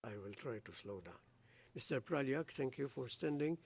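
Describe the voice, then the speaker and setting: A man, the presiding judge, reading out a formal appeals judgment in a slow, measured legal recitation. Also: medium pitch, expressive, creaky, heavy background noise.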